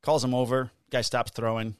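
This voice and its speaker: Man in his fifties, co-host, casual swearing storyteller, mid-pitched voice, dry close sound. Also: moderate pace, smooth, dry recording. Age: 50s. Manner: profane, animated storyteller acting out dialogue. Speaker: podcast co-host.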